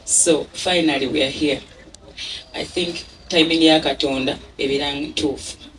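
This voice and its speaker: A woman with a Ugandan accent delivers an emotional thank-you speech at an event venue, laughing often and mixing English with Luganda. Her voice is low, with fairly even intonation and a measured pace, and the distant recording carries a little hiss or hum plus a crowd behind her.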